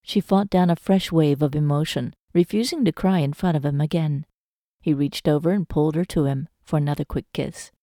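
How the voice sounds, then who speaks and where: A woman narrating a romance novel audiobook in a measured, emotive storytelling manner. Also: low-pitched, warm tone, dry recording, clean studio sound.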